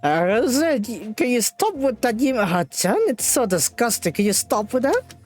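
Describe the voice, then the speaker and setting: A woman streamer reading and translating a visual novel live in a playful, animated way. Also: a little high, moderate pace, faint music behind. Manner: playful, animated, laughs often.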